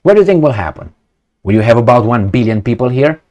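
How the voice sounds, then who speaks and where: Blunt, sarcastic man with a lively pitch. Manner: blunt and sarcastic, swears, asks rhetorical questions; halting, many fillers and restarts. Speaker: vlogger commenting on news. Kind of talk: reading out a news story and commenting.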